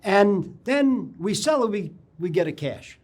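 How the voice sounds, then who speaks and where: A man's voice: high voice, very animated, a little slow, darkish tone, voice pushed up. A man voicing an elderly Italian immigrant businessman with a heavy Italian accent, speaking blunt broken English. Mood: matter-of-fact.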